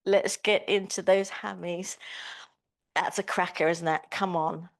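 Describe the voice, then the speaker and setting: A woman's voice: fairly low pitch, fairly even intonation, a little slow, vocal fry. A woman teaching a small Pilates class, giving encouraging, chatty cues. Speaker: pilates instructor. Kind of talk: live class instruction.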